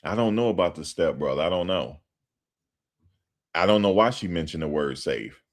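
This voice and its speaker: A man doing casual commentary on a livestream. He talks in an animated, slangy way and repeats himself for emphasis. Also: deep voice, normal speed.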